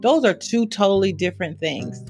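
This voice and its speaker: A woman speaking as a therapist on a podcast, telling stories in a lively way and laughing often. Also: mid-range voice, normal speed, faint music behind. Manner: animated storytelling with frequent laughter. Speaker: therapist guest. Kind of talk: podcast interview.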